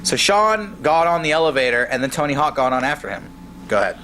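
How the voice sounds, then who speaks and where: A man co-hosting a podcast from a hotel room, talking in a lively, joking way. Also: on the high side, fast talker, a little hiss or hum, rough recording. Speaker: podcast co-host. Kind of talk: casual chat.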